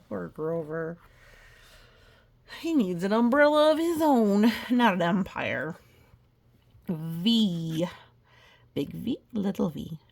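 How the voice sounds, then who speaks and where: A woman's voice: on the low side, vocal fry, darkish tone. A woman reading a children's picture book aloud, adding chatty, playful asides. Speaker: storybook reader.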